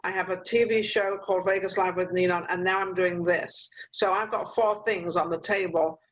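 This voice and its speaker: A woman's voice: lowish voice, steady tone, moderate pace, a little hiss or hum. An older woman hosting an interview over a video call, chatty and motherly as she hands out advice, with plenty of fillers. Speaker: talk show host. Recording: muffled video call audio.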